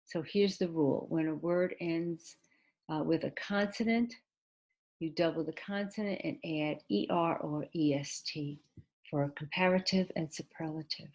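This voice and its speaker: A woman teaching English in a recorded video lesson, patiently explaining step by step, spelling out letters, with hesitant pauses and restarts. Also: low voice, a little mellow, muffled recording. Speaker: ESL teacher.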